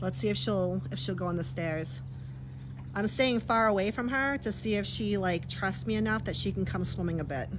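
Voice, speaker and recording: A woman's voice: medium pitch, moderate pace, background noise. A woman chatting casually on a livestream from her backyard pool, laughing often and talking to her dogs.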